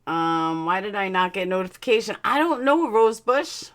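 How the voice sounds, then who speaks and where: Speaking at medium pitch and a moderate pace, a woman hosts a casual live stream, expressive and a bit bright as she bluntly chats and reads out her chat. She has a slight lisp from dental aligners.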